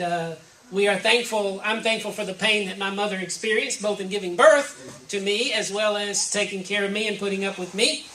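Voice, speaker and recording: This woman preacher has a mid-range, fairly bright voice. She offers a conversational, reflective sermon in a church hall, naming examples one after another, and the far-off microphone captures roomy echo with faint ambience.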